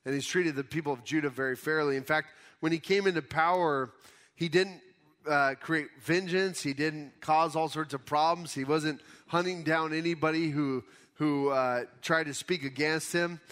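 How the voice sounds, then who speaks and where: A pastor preaching a conversational sermon, explaining scripture casually in everyday words. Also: male voice, fairly high pitch, fairly even intonation, moderate pace, a bit bright. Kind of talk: conversational Bible teaching sermon.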